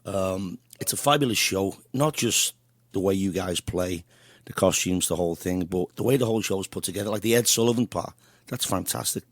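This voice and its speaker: A man's voice: sits low, a little fast, no echo. Chatty Liverpool man hosting radio. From Liverpool, England. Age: 50s. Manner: enthusiastic, chatty. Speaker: radio host. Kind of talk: casual interview chat.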